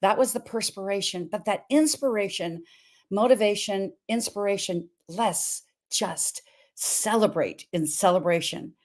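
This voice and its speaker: A Montana woman in her seventies hosts a virtual health event, giving an inspirational talk that is emphatic and repetitive, with swinging pitch and volume. She keeps a measured pace and sounds a little mellow.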